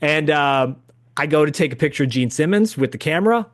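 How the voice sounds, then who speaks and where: A man in his fifties hosting a podcast, telling a story in an animated, chatty way. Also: on the high side, a little fast. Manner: animated, chatty, laughs as he tells stories. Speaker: podcast host. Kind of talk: casual storytelling.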